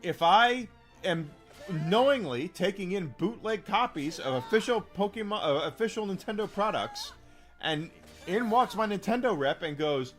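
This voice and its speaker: A man's voice: high-pitched, animated, moderate pace. Emphatic ranting man with faint music. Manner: emphatic, profane, repeats phrases for stress. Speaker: game streamer. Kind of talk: casual rant to chat.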